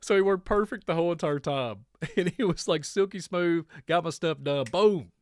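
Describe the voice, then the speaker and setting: A man from Kentucky with a country accent hosts a casual radio-style monologue, rambling and laughing often. His voice is fairly high and moves at a moderate pace, with no echo.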